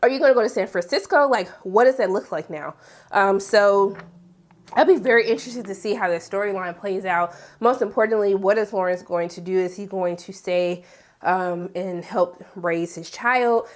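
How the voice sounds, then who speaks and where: A woman talking casually as she recaps a TV episode, animated and sassy, with big incredulous jumps in pitch and asides like "honey.". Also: moderate pace. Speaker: TV recap vlogger. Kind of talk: casual chat.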